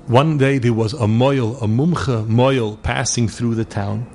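A man's voice: medium pitch, fairly even intonation, a little slow, darkish tone, slight background noise. A middle-aged man giving a holiday sermon, telling stories and sprinkling Yiddish and Hebrew words into his English. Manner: storyteller mixing Yiddish and Hebrew words into English, voicing people in his tales. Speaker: rabbi giving a holiday talk. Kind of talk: sermon with storytelling.

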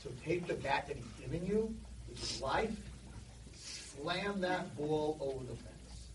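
A man giving an animated sermon to boys, telling stories, recorded in an echoey hall from a distance. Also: a little high, unhurried, background noise. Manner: animated, storytelling. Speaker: speaker addressing boys.

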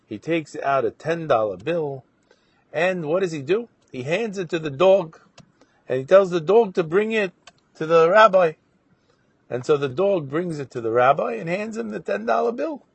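A man telling a moral story as a Torah lesson, narrating with animated questions and voiced quotes. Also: fairly high pitch, moderate pace, creaky, husky, dry recording. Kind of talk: storytelling sermon.

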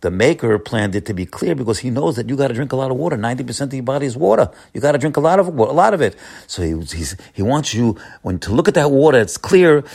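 A man giving an informal Torah lesson as a rabbi, repeating words often, rising for emphasis and then dropping low. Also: expressive, quick pace, gravelly, a little mellow, husky.

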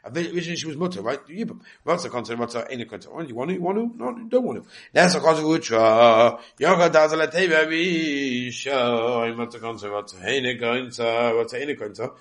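Fast-talking man teaching a Talmud class. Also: medium pitch. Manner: mixes Aramaic readings with quick English explanation; animated, rhetorical questions. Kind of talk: Talmud study lecture.

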